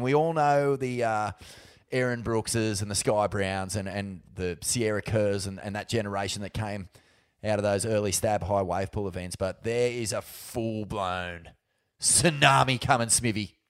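A man's voice: lowish voice, clean tone. An Australian man co-hosting a podcast in casual chat, laid-back, with fillers, restarts and swearing. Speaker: podcast co-host.

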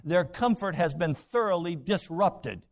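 A man's voice: high voice, animated, a little slow. A man preaching a sermon, retelling Bible stories with dramatic voices and rhetorical questions. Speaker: pastor.

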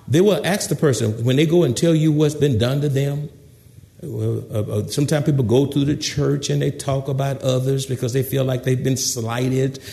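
A man preaching a sermon in an animated way, acting out gossiping people. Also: mid-range voice, gravelly. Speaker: pastor.

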